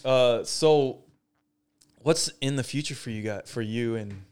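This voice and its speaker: A man's voice: medium pitch, unhurried, darkish tone, clear, resonant tone. A young man hosting a podcast in casual chat, laid-back and laughing, with lots of fillers. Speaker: podcast host.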